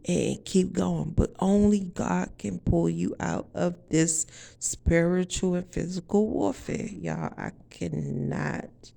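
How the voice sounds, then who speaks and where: A woman's voice: fairly low pitch, creaky, mellow. A woman giving an emphatic, profane spiritual testimony straight to her viewers in a casual vlog.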